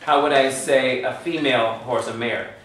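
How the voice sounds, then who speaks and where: A male teacher lectures a class at an ordinary pitch, stopping often to check what the students know. He is picked up from a distance in a very echoey room with a faint hum of room noise behind him. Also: steady tone, moderate pace, fairly bright tone. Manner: patient, asks the class questions. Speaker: Hebrew teacher.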